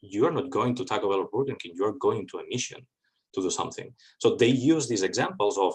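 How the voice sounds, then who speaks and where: A man takes questions after giving a talk. His voice sits a little low, and he answers in a lively, wry way. He often trips over his words and restarts. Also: fast talker, low-quality recording. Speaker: guest speaker. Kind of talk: academic talk Q&A.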